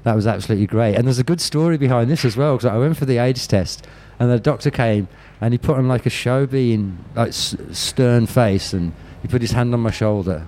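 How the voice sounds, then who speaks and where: A man's voice: mid-range voice, fairly quick, few pauses, mellow. Blunt, swearing Birmingham man. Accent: Birmingham English. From Birmingham, England. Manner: blunt and profane, restarts often. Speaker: interview guest. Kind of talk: candid storytelling.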